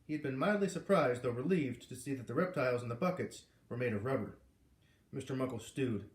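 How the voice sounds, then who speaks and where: A man reading a chapter of a novel aloud in an even, measured storytelling manner. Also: mid-range voice. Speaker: reader. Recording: roomy echo.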